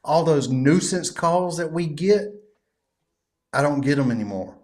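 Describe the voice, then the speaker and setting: A man co-hosts a casual podcast, calmly explaining how a tool works for his business. His manner is easygoing and conversational. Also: fairly high pitch, measured pace. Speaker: podcast co-host.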